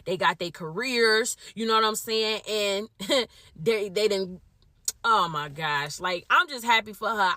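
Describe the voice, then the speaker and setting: A woman with a bright, crisp voice chatting casually. She talks in a laid-back, slangy way. The recording is dry and close. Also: mid-range voice, no room sound. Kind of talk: casual chat.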